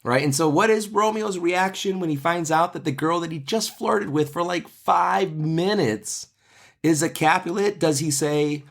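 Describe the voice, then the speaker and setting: A man's voice: on the high side, normal speed, gravelly. A man hosting a casual literature lesson podcast, talking in a conversational way and often checking in with "right?". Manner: conversational, keeps asking "right?". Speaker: podcast host teaching literature.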